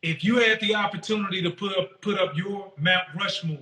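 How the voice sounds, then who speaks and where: A man's voice: high-pitched, fairly quick, bright, forceful tone, reverberant, low-quality recording. A podcast host, a man, asking a long, winding interview question.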